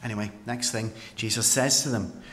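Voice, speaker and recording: A man performing a dramatic first-person Bible monologue as a paralysed man healed by Jesus, with earnest storytelling and dramatic pauses. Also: on the low side, steady tone, fairly bright tone, slight background noise, close to an everyday voice. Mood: tense.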